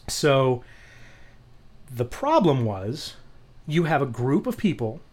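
Man, podcast co-host, chatty storyteller, casual cursing, animated delivery. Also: mid-range voice, very slow. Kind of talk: casual chat.

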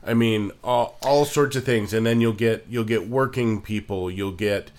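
A man co-hosting a casual chat about accents, explaining at a measured pace with many ums. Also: on the low side. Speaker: podcast co-host.

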